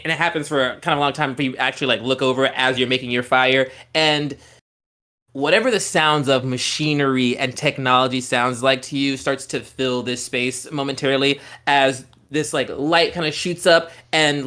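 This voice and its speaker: A man at a mid-pitched, everyday speaking level who acts as a tabletop game master. He describes scenes at length in a loose, rambling way and keeps coming back to "like" and "um" while he builds the picture. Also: fairly even intonation, brisk, sharp tone. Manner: loose, descriptive narration full of "like" and "um".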